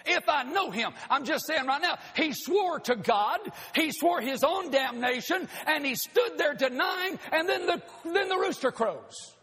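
A pastor preaching a sermon in a church, folksy and joking with the congregation. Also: male voice, very high-pitched, animated, unhurried, few pauses, fairly bright tone. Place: church sanctuary. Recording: long hall reverb.

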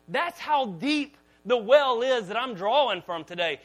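A middle-aged male pastor preaching a sermon, telling stories with lively acted-out quotes and sometimes dropping to a hushed voice. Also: measured pace, few pauses, poor audio. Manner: animated storytelling, acts out quotes with a loud pitch jump; drops to a soft, hushed voice for calm passages.

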